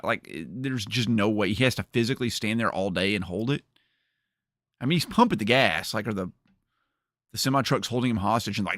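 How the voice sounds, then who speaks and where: A man's voice: on the low side, lively intonation, brisk, fairly bright tone, dry recording, studio quality. A man hosting a livestream, chatting casually and rambling with jokes to his viewers. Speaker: streamer host.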